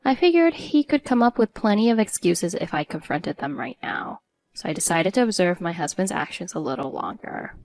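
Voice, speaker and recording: A woman's voice: lowish voice, expressive, moderate pace, a little mellow. A woman narrating a first-person story in an earnest, emotional way.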